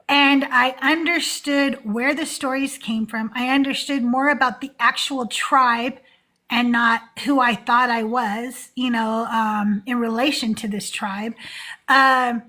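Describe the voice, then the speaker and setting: A woman's voice: sits high, sharp tone. A woman in her forties hosting a live call-in show, chatting casually and laughing often between many fillers. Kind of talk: casual livestream chat.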